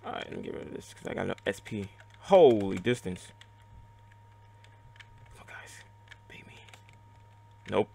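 A man giving live gameplay commentary, excitable and reactive, muttering and swearing at the game as he plays. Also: sits low, fairly quick, gravelly, long pauses. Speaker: let's play gamer.

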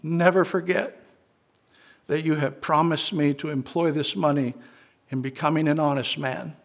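Kindly old bishop, gentle, forgiving, unhurried, gravelly voice , as read by a man. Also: fairly high pitch, animated.

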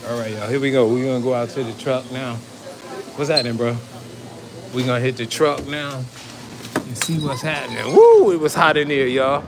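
Filming a food vlog at a fish market and near his truck, this man talks to his audience in a chatty way, repeatedly saying "y'all." His mid-range voice stays fairly even in intonation at a moderate pace, over heavy street and traffic noise.

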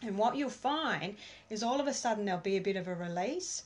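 A woman's voice: medium pitch, expressive, brisk, slight background noise. A woman giving a casual online workshop from home, chatting in a rambling way with many fillers. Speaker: workshop presenter. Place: at home with her dog.

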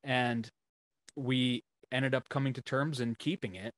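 A man's voice: medium pitch, unhurried, dry recording. A man in a casual podcast chat, telling road stories with lots of swearing and acting out what others said. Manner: animated storyteller, swears freely, acts out what others said. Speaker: band member telling tour stories.

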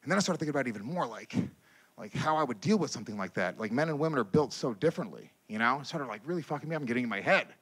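Crude, animated male stand-up comedian. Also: medium pitch, rapid-fire, husky. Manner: crude, animated storytelling with shouted impressions. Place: comedy stage before a live audience.

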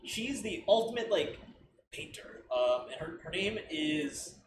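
A man's voice: on the high side, big pitch swings, unhurried. A man hosting a casual reaction video, thinking aloud in a rambling way with lots of fillers and laughter. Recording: roomy, distant mic with clear background noise.

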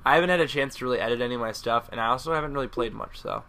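A young man, still a student, commentating his own gameplay, yelping, shouting and swearing at the game. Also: medium pitch, racing. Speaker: gaming commentator. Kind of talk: casual live gameplay commentary. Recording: loud game sound under the voice. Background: shooter game sounds and gunfire.

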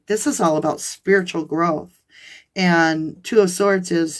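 A woman reading tarot cards for her viewers, excitable and gushing, talking straight to them. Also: lowish voice, a little slow. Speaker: tarot reader.

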